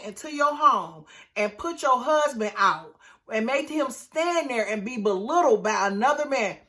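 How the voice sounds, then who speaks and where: Speaking to her viewers at a measured pace, a woman with a slightly high voice runs through a reality TV episode in casual commentary, sounding animated and outraged.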